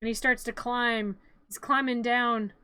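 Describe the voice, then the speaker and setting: A woman's voice: on the high side, unhurried, clean tone, no echo. A woman streamer giving a rambling, joking play-by-play of a film in a casual live stream. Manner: animated, rambling play-by-play with jokes.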